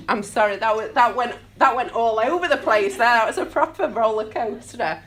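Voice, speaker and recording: A woman's voice: fairly high pitch, normal speed, few pauses, a bit bright. Candid woman with a Sheffield accent speaking. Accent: Sheffield English. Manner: candid, self-deprecating, laughs easily. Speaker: public speaker. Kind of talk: live talk to an audience. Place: community hall talk.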